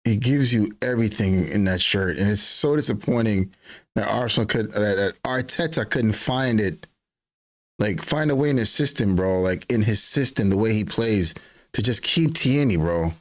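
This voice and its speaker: A man hosting a fan watch-along, giving casual live match commentary in slang, swinging between flat grumbling and excited yelps. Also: fairly low pitch, moderate pace. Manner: slangy, keeps saying bro.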